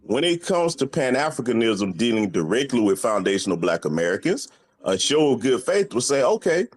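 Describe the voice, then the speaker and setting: A man's voice: medium pitch, sing-song, fairly quick. A man laying out an argument point by point on a discussion panel, in a rhetorical manner. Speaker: panel speaker.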